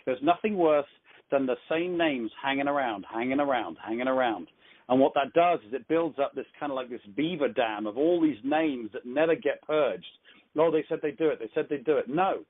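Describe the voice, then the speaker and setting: Man, fairly high voice, upbeat call host, phone-line sound. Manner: upbeat, joking coaching talk. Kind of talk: business training call.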